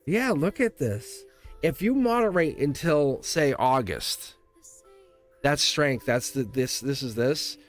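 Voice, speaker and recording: A man's voice: medium pitch, lively intonation, slow pace, faint music behind. A middle-aged man with a Boston accent doing a chatty, giggly live tarot reading and talking straight to viewers. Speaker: tarot reader.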